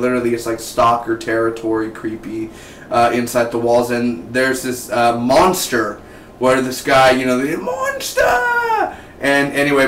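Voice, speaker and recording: A man giving a casual spoken TV episode review, rambling and excitable and drifting into tangents. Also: medium pitch. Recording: roomy, distant mic, faint background noise.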